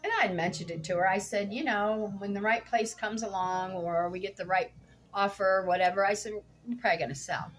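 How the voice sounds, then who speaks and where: A woman's voice: mid-range voice, fairly even intonation, fairly quick, a little hiss or hum. A middle-aged woman vlogging casually at home while cooking, telling a story bluntly and indignantly, swearing freely.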